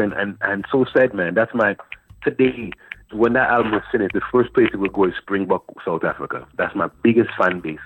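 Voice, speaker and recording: A guest poet in his fifties from Antigua tells a long story during a radio interview, repeating words and phrases along the way. His voice is fairly low and a little fast, with a slight hiss or hum. The sound comes over a dry, phone-like radio line.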